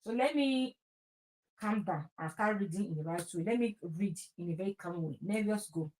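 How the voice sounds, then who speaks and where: A woman's voice: medium pitch, darkish tone. A Nigerian woman with a stammer, hosting an online show and mixing Nigerian Pidgin into a casual monologue. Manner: stammering, mixes Nigerian Pidgin and Yoruba, often rushes. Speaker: host.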